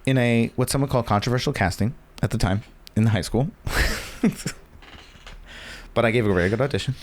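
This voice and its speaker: A man's voice: medium pitch, moderate pace. A man from Virginia, a podcast guest in casual chat, telling self-deprecating stories with mock boasting. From Virginia, United States.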